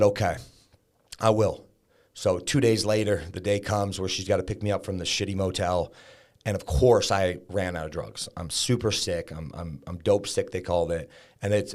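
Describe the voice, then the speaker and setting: A man in his thirties, a podcast guest, telling his own story in a frank, conversational way, full of likes and the odd curse. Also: low voice. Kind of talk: candid storytelling about recovery.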